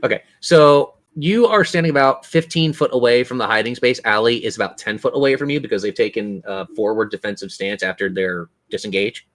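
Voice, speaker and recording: A man runs a tabletop game as its game master. His voice sits at a middle pitch, and he narrates with patient, descriptive turns. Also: fairly quick, hardly any pauses, a bit bright.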